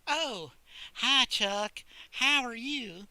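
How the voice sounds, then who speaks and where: A flustered young woman who trips over her words and keeps restarting, as a man puts her on. The voice sits high and sounds bright and tense, halting and nervous. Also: animated, exaggerated voice. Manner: stammering, halting.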